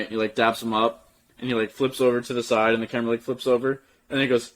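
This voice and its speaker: A young man co-hosts a podcast in easy, casual chat. His voice sits at a middling pitch, and his talk is loose and full of bro slang. He laughs often. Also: level tone, fast, a bit bright, low-quality recording. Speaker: podcast co-host.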